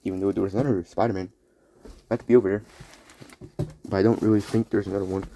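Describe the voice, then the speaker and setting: A man hosting a solo podcast, rambling excitedly about action figures. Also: sits low, fast talker, creaky, background noise. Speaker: podcast host. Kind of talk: casual solo commentary while playing with action figures.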